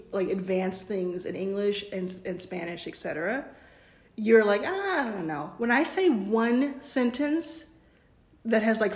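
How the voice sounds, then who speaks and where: A woman in her forties chatting casually as a co-host, playful and quick to laugh. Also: medium pitch. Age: 40s. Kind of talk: casual chat. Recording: roomy echo.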